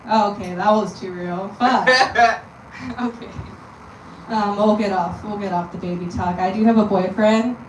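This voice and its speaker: A woman's voice: mid-range voice, fairly even intonation, a little slow. A young woman delivers a stand-up set with a dry, self-deprecating edge. Her voice carries through an echoey venue from a mic held some distance off, with light noise underneath. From Texas. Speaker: stand-up comedian. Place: comedy venue with audience. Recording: roomy live sound from a distant mic.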